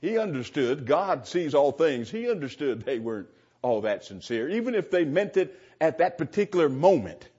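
A man's voice: a little high, sing-song, moderate pace, warm tone, slightly rough. A man preaching a sermon to a congregation, earnest and emphatic, repeating and restarting phrases for stress. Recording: dull, lo-fi recording.

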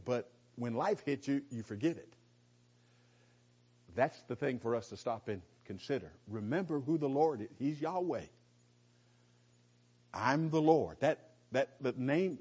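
A man's voice: on the high side, dark tone. Emphatic middle-aged man teaching Bible, lo-fi. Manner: emphatic, repeats phrases, asks rhetorical questions; restarts sentences, folksy asides. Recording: dull lo-fi recording.

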